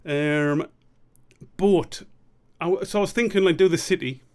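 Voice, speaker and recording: A man's voice: high voice, measured pace, a little mellow, clean tone. A man chatting casually on a live stream, rambling and swearing as he pokes fun at himself. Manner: rambling, sweary, self-mocking.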